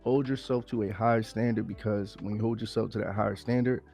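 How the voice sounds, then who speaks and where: A man co-hosting a podcast in casual motivational chat, sick and pausing to catch his breath. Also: fairly low pitch, fairly even intonation, vocal fry, dark tone, faint music behind. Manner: pausing to catch breath, frequent "you feel me". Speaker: podcast co-host.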